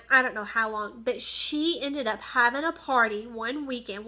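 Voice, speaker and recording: A woman's voice: fairly high pitch, pushed and bright. A woman, chatting in a rambling, heartfelt way about her favorite teachers. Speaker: teacher vlogger. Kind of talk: casual personal vlog.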